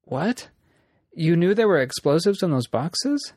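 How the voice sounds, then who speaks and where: A man reading a story aloud, voicing a young woman who is shaken but steady and consoling. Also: a little high, measured pace, dry recording, clean studio sound, voice pushed up. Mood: alarmed.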